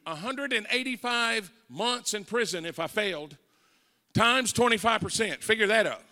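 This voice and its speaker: Bright-voiced older preacher in a hall. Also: male voice, high-pitched, expressive, moderate pace, a faint crowd. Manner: folksy storytelling, building to shouted preaching. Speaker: evangelist preacher. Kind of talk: sermon testimony. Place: church sanctuary. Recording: long church hall reverb.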